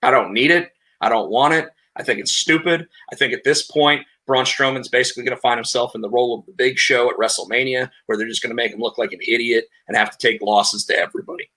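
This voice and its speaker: Bright-voiced man, rambling casual chat. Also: mid-range voice, quick pace, hardly any pauses. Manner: rambling, animated retelling with repeated words. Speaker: podcast co-host. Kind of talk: casual chat, recapping wrestling.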